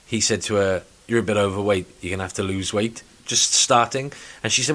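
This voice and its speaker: A man's voice: lowish voice, brisk, fairly bright tone. A man hosting a casual podcast, ranting and swearing freely and mimicking other people in put-on voices. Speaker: podcast host. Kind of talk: casual chat.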